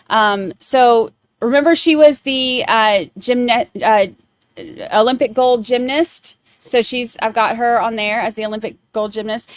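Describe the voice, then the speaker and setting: A woman's voice: a little high, no echo, clean studio sound. A woman hosting a true crime podcast, rambling in casual chat with many fillers. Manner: chatty, rambling, lots of fillers.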